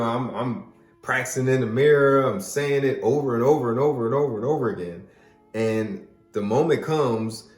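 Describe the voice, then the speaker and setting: A man casually telling a personal story as a podcast host, rambling with lots of fillers. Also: on the low side. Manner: relaxed, rambling, many fillers. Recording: roomy echo, faint music.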